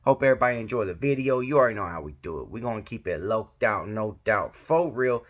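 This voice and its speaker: A man's voice: fairly low pitch, expressive, fast talker, fairly bright tone. A man hosting a casual commentary vlog, talking in laid-back street slang with many fillers. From Georgia. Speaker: vlog host giving commentary.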